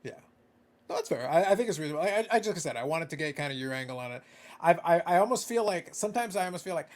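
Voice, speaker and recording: A male podcast host chatting casually, animated and playful, often repeating words as he starts a thought. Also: a little high, very fast. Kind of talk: casual conversation.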